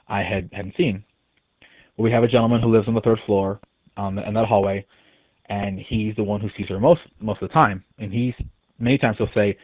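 A man's voice: lowish voice, dry recording. A man from Texas phoning in to tell a ghost story, rambling along with lots of fillers and restarts. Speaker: caller sharing a ghost story. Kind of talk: casual phone-in storytelling. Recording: tinny phone line, dry.

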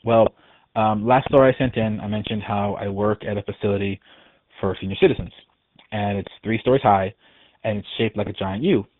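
A Texan man with a fairly low voice phones in to share a ghost story, rambling casually with plenty of fillers and restarts. The call comes through a tinny, dry phone line with no room sound.

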